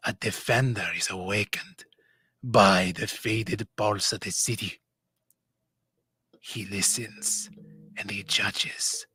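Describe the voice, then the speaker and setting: A man putting on a hushed, dramatic storybook narrator with a put-on Middle Eastern accent, breathy and brooding. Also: lowish voice, no echo, pitched below the performer's own voice, exaggerated voice. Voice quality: breathy half-whisper. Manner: slow, brooding delivery.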